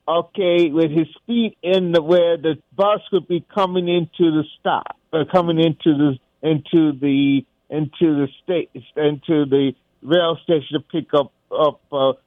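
Male radio caller, slow and halting, rambling delivery, dry sound. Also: on the high side, darkish tone, no echo, lo-fi sound. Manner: rambling, halting, with many restarts. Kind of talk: phone-in chat.

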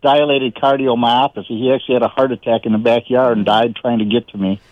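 A seventy-year-old man phones in to a radio show, his words halting and rambling. The line is dull and muffled, and the sound is dry. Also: medium pitch, steady tone, no room sound. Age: 70s. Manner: halting, rambling, emotional about his late dog. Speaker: caller. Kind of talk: radio call-in chat.

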